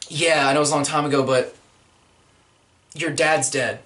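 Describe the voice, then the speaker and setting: A man playing an awkward young Peter Parker in a comedy podcast sketch, halting and deadpan. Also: a little high, voice pushed down, close to an everyday voice. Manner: hesitant, rambling, deadpan.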